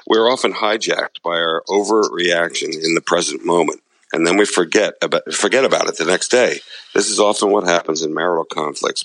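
A man with a very low, gravelly voice talks through a recovery podcast in relaxed, reflective chat. He pokes fun at himself and reads passages aloud from a book. The sound is dry and close, with no room around it. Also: no echo. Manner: reflective, self-deprecating, reads quotes aloud. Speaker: podcast co-host.

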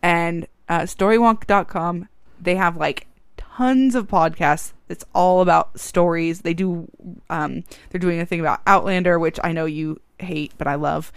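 Female podcast co-host, chatty and teasing, smooth voice, dry close sound. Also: fairly low pitch, steady tone, a little slow, no echo. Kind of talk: casual chat.

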